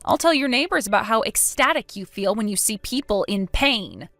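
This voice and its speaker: A woman narrates a texting story in a cold, accusing, sarcastic tone. Her voice is somewhat high and swings widely in pitch. The sound is dry and close, with faint music underneath. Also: animated, normal speed, fairly bright tone, dry recording. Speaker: narrator voicing the daughter-in-law.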